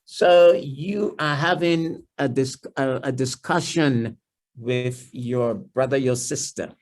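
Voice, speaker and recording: A Trinidadian man speaks at an ordinary middle pitch, teaching a church family series. He restarts phrases and repeats words often. When he acts out a listener's private thoughts, he drops lower and softer. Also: slow. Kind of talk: seminar-style talk in church.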